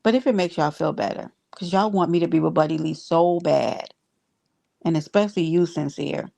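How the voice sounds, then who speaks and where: A woman's voice: sits low, moderate pace, creaky, dark tone. A woman hosting a casual livestream, talking bluntly to her viewers with exasperation and free cursing. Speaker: livestream host reading chat.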